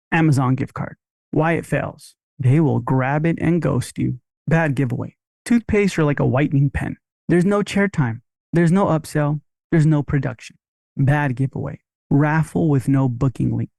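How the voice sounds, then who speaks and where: A man's voice: mid-range voice, vocal fry, dark tone, dry recording, studio quality. A man teaching dental marketing on a podcast, in a punchy, upbeat coaching manner.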